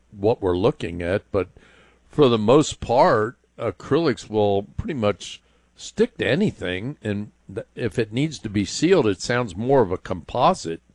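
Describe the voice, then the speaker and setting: A man's voice: on the low side, expressive, measured pace, dry recording. A man hosting a call-in home improvement show, thinking aloud with lots of fillers and restarts as he gives advice.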